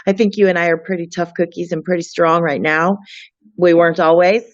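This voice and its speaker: A woman speaking earnestly in an interview, with frequent restarts and a halting delivery. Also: on the low side, fairly even intonation, dry recording, highs cut off. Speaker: guest, friend of a missing woman. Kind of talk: emotional interview talk.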